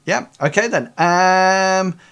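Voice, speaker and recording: A man's voice: high voice, slow, fairly bright tone, a little hiss or hum. A hesitant man running a game. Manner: hesitant, full of ums and restarts. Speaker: game master. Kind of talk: running a tabletop game online.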